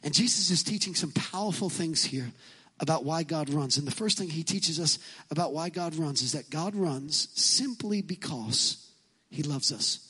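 A male pastor gives an emphatic sermon and drives each point home by repeating it. His voice sits high for a man and sounds bright and forceful. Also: lively intonation, normal speed, husky, poor audio. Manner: emphatic, repetitive storytelling preacher.

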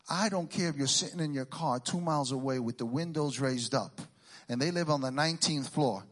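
A middle-aged man from Puerto Rico doing a stand-up routine, teasing the crowd with quick questions and Spanish exclamations. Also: on the high side, a bit bright. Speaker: stand-up comedian.

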